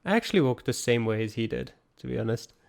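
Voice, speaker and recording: Man, esports co-host, analytical, calm and explanatory, mid-range voice. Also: medium pitch, fast talker, vocal fry. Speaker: esports co-commentator. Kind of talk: analytical color commentary.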